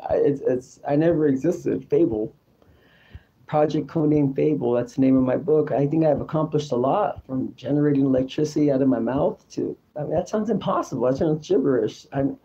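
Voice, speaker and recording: A man's voice: fairly high pitch, warm tone, lo-fi sound. A man hosting his own show in a rambling, repetitive, confessional monologue. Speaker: show host.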